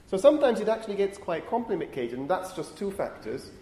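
A man with a fairly high voice gives a university lecture, explaining step by step and pausing to check that the class follows. The sound is roomy, with faint classroom noise behind him. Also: very animated, dark tone. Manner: explanatory, thinking aloud, frequent checks with students.

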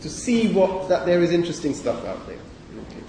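A man's voice: fairly high pitch, very animated, normal speed, gravelly, warm tone, a little hiss or hum. A man giving a university phonetics lecture, explaining step by step and checking in with students with frequent "okay"s. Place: large lecture hall. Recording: echoey lecture hall from a distance.

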